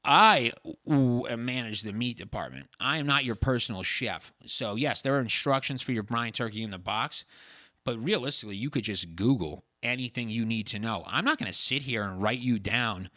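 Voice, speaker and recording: A young man rants through a story with heavy sarcasm and plenty of swearing. His voice is bright and forceful, and the sound is dry and close. The talk is loose and casual. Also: mid-range voice, normal speed, dry recording. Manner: profane, sarcastic storytelling ranter. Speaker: podcast co-host. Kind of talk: casual chat.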